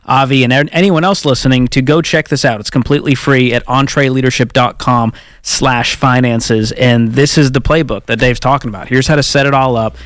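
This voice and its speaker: An easygoing man co-hosts a radio advice show and tosses in wry asides. His voice sits at a middle pitch. It is recorded dry and close on a studio mic. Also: steady tone, fairly quick, fairly bright tone, no echo. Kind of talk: call-in radio advice talk.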